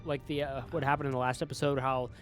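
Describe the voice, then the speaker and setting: A man co-hosting a casual TV review chat, excitable and swearing freely, with music faintly behind. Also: medium pitch, fast talker. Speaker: podcast co-host.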